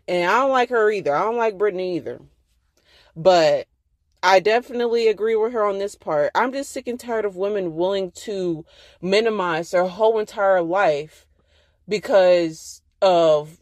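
A woman's voice: mid-range voice, a little mellow, no room sound. Woman guest, outspoken, profane, dry close mic. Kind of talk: casual chat.

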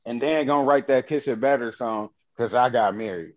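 A man's voice: mid-range voice, brisk, no echo, highs cut off. A man co-hosting a podcast in casual banter, dramatic and playfully heartbroken. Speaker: podcast co-host.

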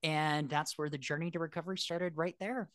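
A man's voice: fairly high pitch, brisk, no echo, clean studio sound. A man, an airline pilot, telling his story in a casual interview, frank and self-deprecating and acting out the voices he quotes. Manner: animated, acts out quoted voices.

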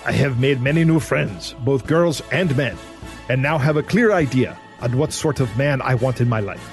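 A stilted, mock-earnest woman from Russia pitching a dating site in a thick put-on Russian accent, as a man puts her on. The delivery stays formal and oddly worded, and it sits at an ordinary middle pitch. Faint music plays behind. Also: moderate pace, lightly acted.

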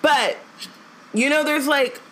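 A woman's voice: high voice, slow, a bit bright, a little hiss or hum, low-quality recording. A woman co-hosting a casual podcast, talking in rambling sentences full of "like" and restarts. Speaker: podcast co-host. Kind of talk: casual chat.

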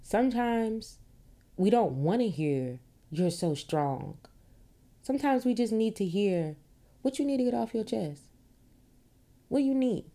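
A woman's voice: on the high side, measured pace, long pauses. A woman talking candidly at home into a podcast mic, emphatic and fond of rhetorical questions, laughing and swearing freely. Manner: rhetorical questions, animated retorts. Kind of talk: casual monologue.

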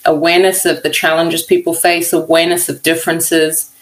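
Low-voiced earnest woman researcher. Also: level tone, brisk, poor audio. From not from America. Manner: earnest, heartfelt, many "you know" fillers. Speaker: guest, workplace equality researcher. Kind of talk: candid storytelling interview.

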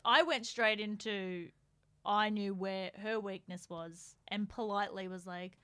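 A woman's voice: mid-range voice, unhurried, clear, resonant tone. A woman, a comedian guest telling stories in casual podcast chat, laughing often. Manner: laughs often, animated storytelling.

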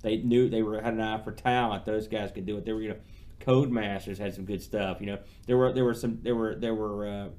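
A man's voice: on the low side, fairly even intonation, brisk, darkish tone. Male podcast co-host, casual game-review chat, rambling and full of restarts. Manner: rambling, many restarts and fillers.

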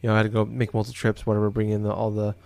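A man's voice: on the low side, monotone, racing, creaky, darkish tone, no echo. A man co-hosting a podcast, telling a long story casually from his home office, rambling with many fillers and restarts. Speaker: podcast co-host.

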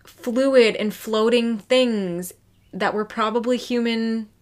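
A woman's voice: fairly high pitch, steady tone, takes it slowly, darkish tone. A woman co-hosting a casual true crime podcast, telling the story in a loose, swearing, chatty way.

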